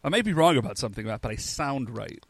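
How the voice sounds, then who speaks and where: Young guy chatting on a podcast, says like a lot, dry close mic, mid pitch. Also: very animated, fast, no room sound. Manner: laid-back, says "like" often. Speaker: podcast co-host. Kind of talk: casual chat.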